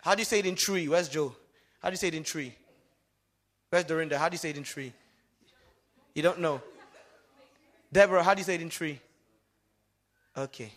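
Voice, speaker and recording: A pastor whose first language is Yoruba preaches a sermon, his male voice a little high and brisk, broken by long pauses. He moves from loud exclamations to hushed asides and repeatedly calls for the congregation to respond.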